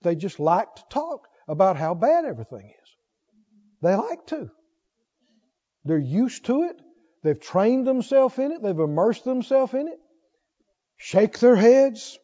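A male preacher giving an emphatic sermon, moving between loud declarations and quiet reasoning, on a dull lo-fi recording. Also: sits high, big pitch swings, measured pace, long pauses, in a large hall.

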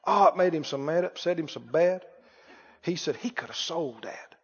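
A man with a high voice preaches a folksy, joking sermon. His delivery carries a long, ringing reverb from a church hall. The recording sounds dull and lo-fi. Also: moderate pace, slightly rough. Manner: folksy, joking, mimics critics with mock wails.

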